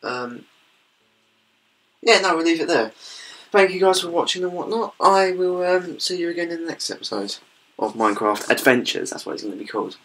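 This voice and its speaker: A man's voice: a little high, animated, brisk, a bit bright. A young British man chatting casually over his gameplay, rambling and apologizing in a self-deprecating way. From Britain. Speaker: gaming YouTuber. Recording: distant mic with faint background noise.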